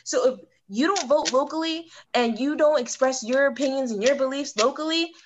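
A woman's voice: high-pitched, normal speed, background noise. A woman co-hosting a podcast in casual chat, blunt and chatty, with lots of "like" in her talk. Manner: blunt, chatty, uses fillers like "like". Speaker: podcast co-host. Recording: dull lo-fi sound.

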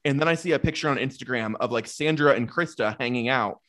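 A man's voice: medium pitch, fast talker, fairly bright tone. Chatty man with filler-heavy talk. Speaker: podcast co-host. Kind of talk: casual chat recapping a reality show.

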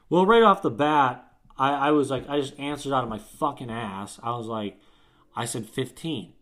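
A man's voice: mid-range voice, moderate pace, bright, forceful tone. Profane, rambling young man telling stories. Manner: profane, rambling storyteller with frequent restarts. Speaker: podcast co-host. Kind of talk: casual chat.

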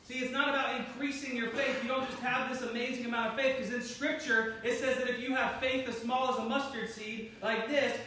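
A man's voice: very high voice, sharp tone, recorded from a distance. A man preaching a sermon to his congregation, joking and teasing the people in front of him and laughing at himself. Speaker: pastor. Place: church hall. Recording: very echoey room, voice from afar, faint noise.

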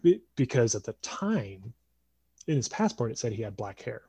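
A man in his twenties telling a family story casually on a podcast, animated and acting out voices. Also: medium pitch, moderate pace, breathy edge, dry recording. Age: 20s.

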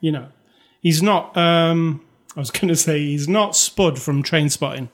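A man's voice: a little high, unhurried. A man co-hosting a casual movie review chat, rambling and conversational with lots of fillers. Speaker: podcast co-host.

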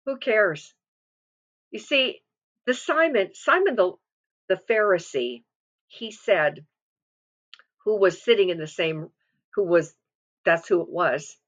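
A woman's voice: medium pitch, animated, slow, long pauses, lo-fi sound. A middle-aged woman giving an informal devotional sermon, retelling scripture in a chatty way with restarts and asides. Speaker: devotional speaker.

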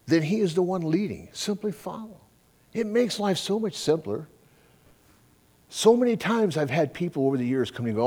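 A middle-aged man preaching a sermon, his pitch rising and falling a great deal as he goes. He talks in a folksy, conversational way and acts out little exchanges with other people as he tells them. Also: expressive, normal speed, a little mellow. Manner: conversational preaching with folksy asides and quoted dialogue. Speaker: pastor.

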